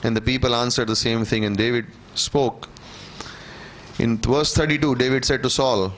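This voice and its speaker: A man teaching a church Bible class, reading scripture aloud and explaining it in a conversational way, often checking in with "okay?" and clearing his throat. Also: medium pitch, fairly even intonation, moderate pace, fairly bright tone, slight background noise. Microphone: room microphone.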